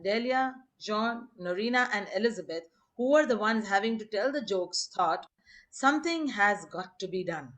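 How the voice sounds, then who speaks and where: A woman's voice: fairly high pitch, fairly bright tone. A woman reading anecdotes aloud on a video call, laughing often and acting out the quotes. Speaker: storyteller on a group video call.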